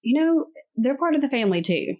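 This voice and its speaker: A woman's voice: sits high, big pitch swings, brisk, darkish tone. A woman hosting a podcast, chatty and encouraging, filling her speech with "like" and "yeah.". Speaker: podcast host. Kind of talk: casual interview chat.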